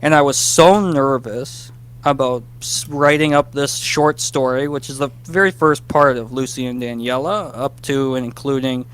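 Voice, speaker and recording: Animated man telling a story. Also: medium pitch, clear, resonant tone. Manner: animated, acts out his past self in quick bursts; self-deprecating, talks openly about nerves. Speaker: guest writer. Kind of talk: casual interview storytelling.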